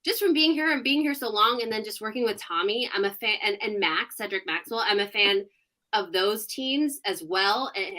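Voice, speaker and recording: A woman in her thirties, a sports reporter guest on a casual podcast interview, telling stories in an animated way and laughing often. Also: mid-range voice.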